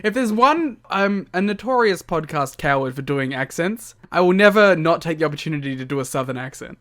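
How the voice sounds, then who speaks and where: A man co-hosting a podcast in casual chat, playful and quick to laugh and joke. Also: a little high, lively intonation, a bit bright. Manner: playful, laughs often, jokes about doing accents. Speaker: podcast co-host.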